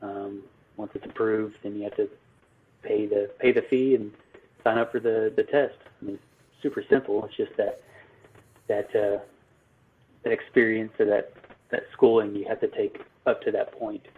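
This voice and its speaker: A man, an electrical business owner, answering interview questions in a halting way full of ums and restarts. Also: on the low side, fairly even intonation, a little hiss or hum. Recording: phone-like narrow line.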